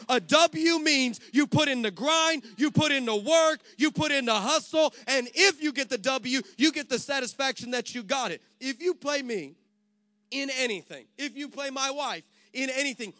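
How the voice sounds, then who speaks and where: A man's voice: very high voice, bright, forceful tone. A male pastor preaching a sermon in an emphatic, punchy way.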